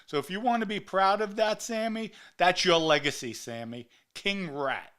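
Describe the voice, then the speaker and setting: A man's voice: high voice, normal speed, a bit bright, clean tone. A middle-aged man, delivering a heated, ranting monologue and hammering his insults with repetition. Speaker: podcast host. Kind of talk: angry monologue to camera.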